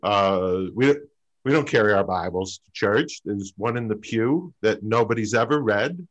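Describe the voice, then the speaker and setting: A man doing a stand-up story over a video call, halting, with lots of fillers and pauses. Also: lowish voice, animated, highs cut off. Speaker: stand-up comic.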